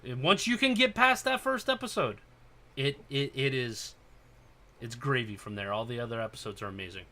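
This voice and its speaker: Bright-voiced man in casual chat. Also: mid-range voice, normal speed. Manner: excited, profane, loud when acting out scenes. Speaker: podcast host.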